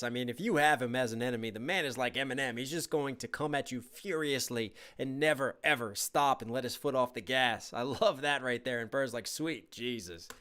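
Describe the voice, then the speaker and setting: A man reacting to music on a live stream, excitable and breaking down lyrics line by line in casual commentary. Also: medium pitch. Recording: music playing in the background.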